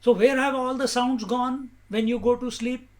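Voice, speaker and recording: A man speaks in a strikingly high voice as a spiritual teacher. He gives a calm discourse and leans on rhetorical questions. His pace is measured and his points are made with emphasis.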